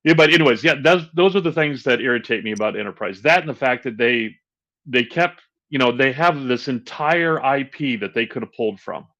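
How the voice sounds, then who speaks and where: A man co-hosts a podcast, talking in a bright, forceful voice as he rants with exasperated energy. The sound is a little dull and lo-fi. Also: mid-range voice, a little fast. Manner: animated, exasperated ranting with laughs. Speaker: podcast co-host. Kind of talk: casual chat.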